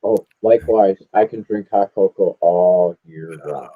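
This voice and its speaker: A man's voice: deep voice, a little slow. A man hosting a casual interview over a video call, asking questions and giving brief, friendly replies. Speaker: interviewer, show host. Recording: dull lo-fi call audio.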